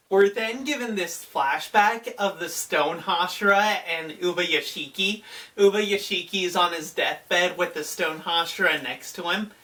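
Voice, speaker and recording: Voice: mid-range voice, sharp tone, distant mic. An anime fan vlogger recapping an episode in casual, enthusiastic talk full of "like". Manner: enthusiastic, filler-heavy.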